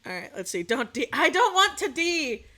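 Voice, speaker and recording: A young adult woman streaming from home as a VTuber, telling a story in a casual, animated rant full of swearing and sudden outbursts. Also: high voice, normal speed.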